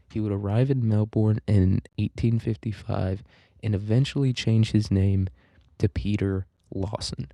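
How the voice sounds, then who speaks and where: Very dark-voiced rambling man lecturing. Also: fairly low pitch, no echo. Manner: rambling, crude and joking, with profanity. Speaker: podcast host teaching literature. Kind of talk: casual lecture.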